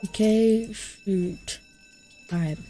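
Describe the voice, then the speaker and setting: A woman's voice: medium pitch, extremely slow, faint music behind. A woman streaming a game live, chatting casually, greeting and thanking viewers and muttering to herself as she plays. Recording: clear steady background noise.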